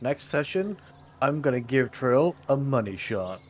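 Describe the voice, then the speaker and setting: Brief: crude joking male player, animated pitch, faint background noise. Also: a little slow.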